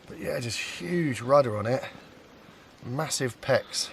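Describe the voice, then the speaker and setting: Excited man filming a night catch outdoors. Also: mid-range voice, slow pace, gravelly, recorded from a distance, a little hiss or hum. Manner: excited, jokey, talks to the fish. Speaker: angler. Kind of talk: casual vlog narration.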